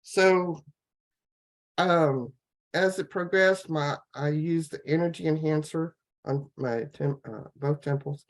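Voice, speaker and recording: A woman on a laptop video call, telling her personal health story in a rambling, halting way, full of fillers and restarts. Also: low-pitched. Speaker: guest sharing a health testimonial. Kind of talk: casual personal testimony.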